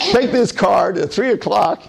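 A man's voice: high-pitched, vocal fry, breathy edge, voice pushed up, heavily acted. A man voicing a humble, kind poor man in a parable, with a plain, modest delivery.

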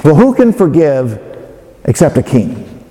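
A man giving a sermon as a pastor, speaking in a measured way with hesitant fillers and restarts. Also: fairly high pitch, sing-song, warm tone. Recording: long hall reverb.

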